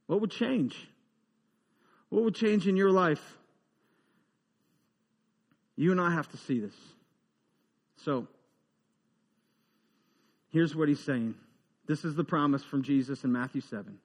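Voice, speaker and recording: A man preaching a humorous, conversational sermon, dropping into quiet asides and rising into emphatic build-ups. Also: a little high, lively intonation, slow, pauses often, big-room sound. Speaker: pastor.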